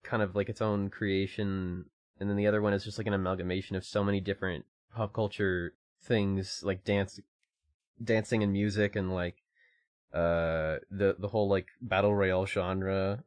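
A man's voice: sits low, level tone, normal speed, no echo, studio quality. Young man chatting loosely on a podcast. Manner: loose, rambling, many fillers and restarts, swears casually. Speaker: podcast co-host. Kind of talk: casual chat.

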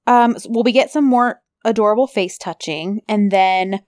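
A woman's voice: mid-range voice, moderate pace, darkish tone, dry recording, clean studio sound. A woman co-hosting a casual chat, talking in a gushing, effusive way with lots of fillers. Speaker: podcast co-host. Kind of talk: casual chat recapping a TV drama.

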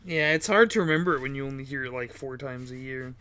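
A man's voice: medium pitch, fast, sharp tone, smooth, dry recording. A man co-hosting a casual wrestling chat, laid-back and agreeable. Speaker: podcast co-host.

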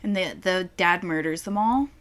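A woman's voice: fairly low pitch, normal speed, a bit bright. A young woman in casual chat while tasting beer, swearing freely and acting out what people said. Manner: chatty, swears freely, acts out quotes. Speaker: co-host.

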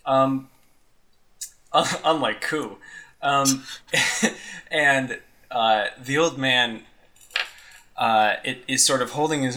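A man's voice: medium pitch, extremely slow, pauses often, sharp tone. A man narrating a tabletop game as game master, rambling and hedging with lots of "sort of".

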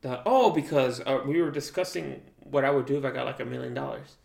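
A man's voice: medium pitch, fairly quick, vocal fry, darkish tone. Slangy young man in an echoey room. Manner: slangy, rambling, lots of "like" and "dude". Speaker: friend. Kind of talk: casual chat.

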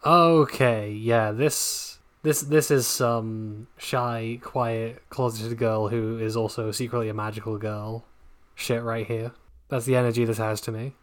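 A woman co-hosting a podcast in casual chat, making dry, deadpan jokes. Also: very deep voice, a little slow. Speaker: podcast co-host.

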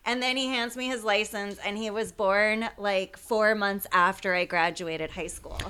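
A woman's voice: mid-range voice, a little slow, clean tone. A woman in her late thirties in casual podcast chat, telling stories with lots of swearing and acted-out quotes. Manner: animated storytelling, swearing, acts out quotes.

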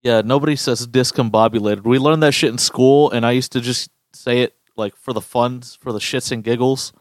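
A young podcast co-host tells school stories in a casual, profane, animated way, slipping into goofy voices whenever he quotes someone. His medium-pitched voice moves at a moderate pace. The recording is close and dry, with no room sound.

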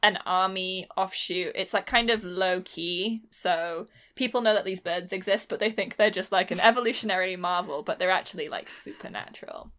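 A woman's voice: on the low side, normal speed, few pauses, sharp tone. A woman co-hosting a podcast, recounting a book plot in a rambling, sweary chat style from her own studio. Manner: rambling, sweary, lots of fillers. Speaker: podcast co-host. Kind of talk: casual chat. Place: own home recording studio.

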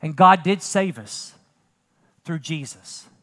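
A male pastor preaching a sermon in a church, moving from quiet storytelling to loud emphatic preaching. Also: a little high, slow pace. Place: church sanctuary.

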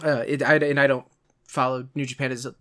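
A man's voice: medium pitch, flat delivery, a little fast, a bit bright. A man co-hosting a podcast, chatting casually and rambling with lots of asides. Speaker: podcast co-host. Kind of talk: casual chat.

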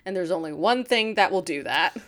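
A woman's voice: on the low side, animated, brisk, fairly bright tone. A woman co-hosting a podcast who eagerly jumps in, adds details and corrects the recap in casual chat. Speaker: podcast co-host.

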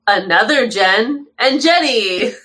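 A woman hosting a casual podcast chat, playful and quick to laugh. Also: fairly high pitch, expressive, sharp tone. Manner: laughs often, playful and upbeat. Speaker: podcast host.

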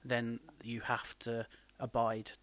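A man chatting on a casual podcast, cracking dry jokes and laughing easily. His voice sits at an ordinary middle pitch. The recording is very dry, with no room sound at all. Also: monotone, slow, fairly bright tone, dry recording. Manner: laughs often, dry joking. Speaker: wrestling promoter and podcast co-host.

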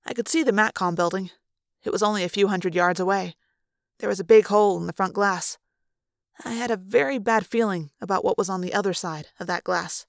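A woman's voice: medium pitch, fairly quick, vocal fry, no room sound. A woman reading a first-person audiobook aloud in an earnest, subdued way on a close microphone. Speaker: reader.

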